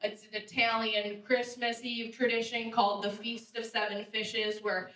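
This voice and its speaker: A young woman performing a lively stand-up comedy set in a theater, laughing at her own jokes and shouting the punchlines. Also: fairly high pitch, normal speed. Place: live theater stage. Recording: roomy theater sound, distant mic.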